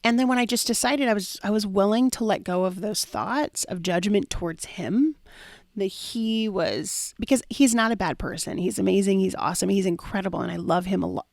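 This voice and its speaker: A woman's voice: medium pitch, normal speed, gravelly, a little mellow, no room sound, clean studio sound. A young adult woman hosting a solo podcast as a life coach, telling a story with lots of fillers and dramatic quoted asides.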